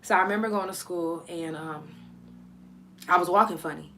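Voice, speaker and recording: A woman from Oklahoma hosts a live storytime podcast, with a slightly low voice. She tells a personal story in a loose, rambling way, full of fillers, restarts and swearing. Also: slight background noise. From Oklahoma, USA. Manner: loose, profane, halting storytelling with many ums; sharp, irritated scolding at callers. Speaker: podcast host.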